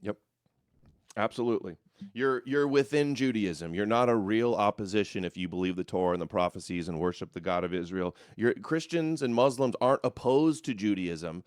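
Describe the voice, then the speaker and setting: A man's voice: on the low side, moderate pace, no room sound, clean studio sound. A man hosting a talk show, speaking bluntly and emphatically in casual conversation. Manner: blunt and emphatic, stacks up labels. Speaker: podcast host.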